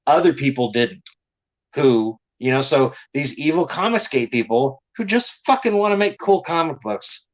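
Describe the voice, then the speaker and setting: A man's voice: medium pitch, fairly bright tone, poor audio. A man, a comic creator, telling blunt, profane stories in a casual podcast chat.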